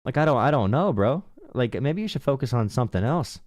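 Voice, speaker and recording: A man's voice: mid-range voice, sing-song, a little fast, a little mellow, no echo, clean studio sound. A man hosting a live political call-in stream, ranting bluntly and mockingly. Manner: mocking, blunt, says bro a lot. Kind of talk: casual streaming rant.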